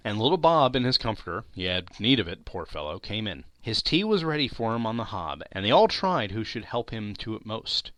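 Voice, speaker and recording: A man reading a classic novel aloud as an audiobook narrator, expressive and shifting his voice for the characters in quotes. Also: lowish voice, no echo. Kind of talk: scripted narration.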